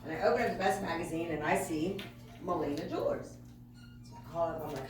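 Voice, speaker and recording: A woman telling a lively story to an audience, acting out the voices of the people in it and laughing often. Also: mid-range voice, brisk. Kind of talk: animated storytelling on stage. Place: event hall with live audience. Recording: echoey hall from far off with music.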